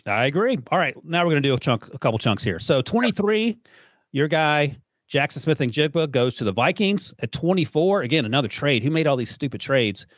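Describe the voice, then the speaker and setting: A man's voice: fairly high pitch, very animated, brisk, no room sound. A man hosting a football podcast, casually running through draft picks and joking with his co-host. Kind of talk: casual sports podcast chat.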